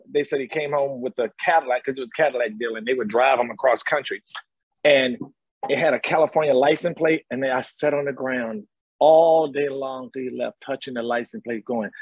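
A man's voice: mid-range voice, breathy edge, dry recording. A middle-aged man, guest on an interview over a video call, telling stories emphatically and repeating phrases. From North Carolina, USA. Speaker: guest actor. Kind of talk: casual interview storytelling.

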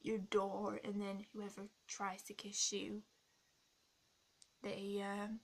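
A woman's voice: medium pitch, monotone, slow pace. A woman playing a snarky, rude young woman character, ranting sarcastically in a comic role-play vlog. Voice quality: blunt, sarcastic, swears freely.

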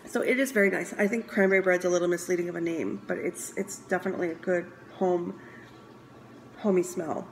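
Chatty woman with a gravelly edge. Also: fairly low pitch, fairly even intonation, brisk, a little hiss or hum, low-quality recording. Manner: chatty, enthusiastic, stops to sniff and muse aloud. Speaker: scent consultant reviewing products. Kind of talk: casual product review vlog.

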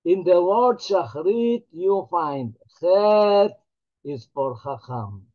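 Man, rabbi teaching a class, slightly high voice, very slow and halting delivery, lo-fi recording. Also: darkish tone. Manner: halting, repeats words, earnest and heartfelt. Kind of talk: holiday Torah class.

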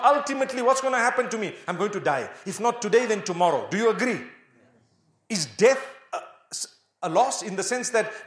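Preaching man with a roomy echo. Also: sits high. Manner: rhetorical questions, recites Arabic verses in a chant. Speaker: Islamic preacher. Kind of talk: sermon.

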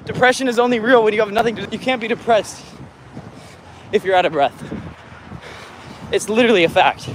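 A man's voice: sits high, brisk, long pauses, noisy background. A young man livestreaming himself running a marathon, out of breath, brash and joking, talking into a handheld phone outdoors. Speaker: vlogger livestreaming a run. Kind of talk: hyped livestream chatter. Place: outdoors on a city street in heat. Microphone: handheld phone camera.

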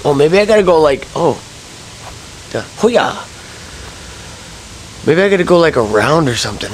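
A man's voice: fairly high pitch, sing-song, moderate pace, long pauses, a little hiss or hum, rough recording. A man commenting casually while playing a video game, frustrated and swearing a lot. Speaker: let's-play gamer.

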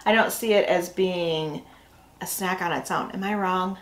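A woman's voice: fairly low pitch, measured pace, low-quality recording. A woman hosting a casual snack review, chatty and full of fillers as she thinks aloud. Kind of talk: casual food review chat.

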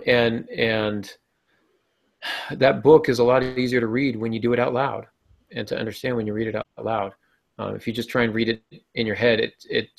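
A man's voice: fairly low pitch, creaky. A man co-hosting a podcast on fiction writing, chatty and laid-back in his delivery. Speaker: podcast co-host. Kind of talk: casual podcast discussion on writing.

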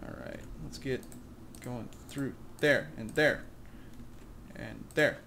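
A man's voice: medium pitch, takes it slowly, gravelly, fairly bright tone, slight background noise. Rambling, self-mocking gamer man. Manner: rambling, self-deprecating, chuckling asides. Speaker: let's play host. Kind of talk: casual gameplay commentary.

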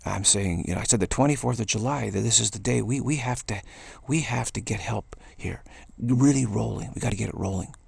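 A man's voice: lowish voice, quick pace, gravelly, few pauses, darkish tone, breathy edge, dry recording. A man giving an earnest spiritual talk, repeating key phrases and restarting sentences as he goes. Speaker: spiritual speaker.

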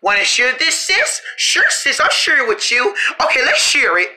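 A performer voicing every character in a playful improvised skit, switching between shouty squabbling voices. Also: high voice, very animated, normal speed.

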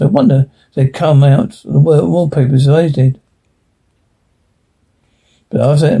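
Gravelly, dark-voiced man reading horror. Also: on the high side. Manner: halting, stumbles and restarts words. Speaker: horror story reader. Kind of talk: dramatic first-person horror reading.

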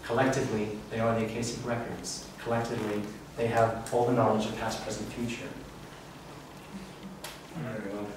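A man's voice: on the low side, flat delivery, moderate pace. Earnest man lecturing in an echoey room. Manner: earnest, reflective teaching tone. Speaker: spiritual workshop speaker. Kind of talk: live talk to an audience. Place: event room. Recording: echoey room, distant mic, faint hiss.

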